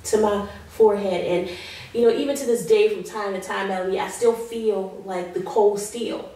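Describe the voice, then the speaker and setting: A woman being interviewed as a guest, giving an emotional personal testimony in an earnest way. She slows down on heavy moments. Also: mid-range voice, dark tone. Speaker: guest sharing her survival story. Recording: very echoey room, voice far from mic.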